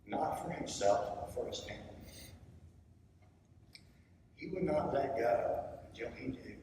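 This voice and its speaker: A man reading a memorial tribute in a solemn, measured way. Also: mid-range voice, expressive, dark tone. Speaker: eulogy speaker. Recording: echoey hall, distant mic, background noise.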